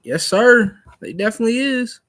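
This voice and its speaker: A young man hosting a live stream, chatting casually with viewers in a relaxed, rambling way full of fillers. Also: very high-pitched, moderate pace. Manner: laid-back, rambling, many fillers.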